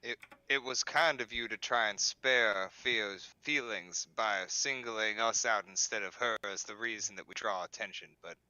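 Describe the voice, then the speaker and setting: A man's voice: fairly low pitch, moderate pace, few pauses, bright, forceful tone, poor audio. A man playing a formal, proper adventurer in a tabletop game, with stilted diction. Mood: earnest.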